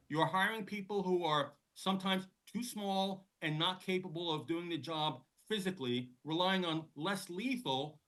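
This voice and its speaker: Blunt high-voiced man giving public comment. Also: bright, forceful tone, low-quality recording.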